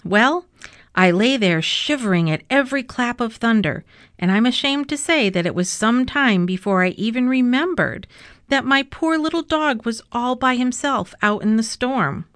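A woman voicing a calm, dryly teasing old grandfather who tells a story in a storybook reading. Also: fairly high pitch, normal speed, dry recording, clean studio sound, voice pushed up. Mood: confessional.

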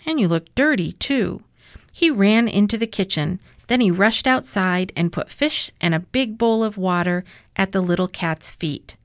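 A woman reads a children's picture book aloud, gentle and measured as she goes. Her voice sits at a middle pitch and is recorded dry and close, with no room echo. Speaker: storyteller.

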